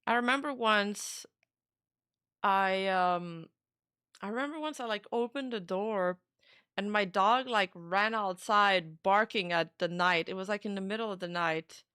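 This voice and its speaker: Smooth-voiced woman streamer, chatty and swearing. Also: medium pitch, a little slow, bright, forceful tone, dry recording, clean studio sound. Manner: chatty, swears freely, many "like" fillers. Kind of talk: casual reaction commentary.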